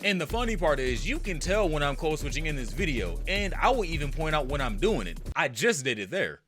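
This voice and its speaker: A man's voice: a little high, sing-song, brisk, a bit bright, soft background music. A young man from the United States speaking candidly in a personal vlog rant. He swears freely and breaks into emphatic outbursts. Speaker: content creator.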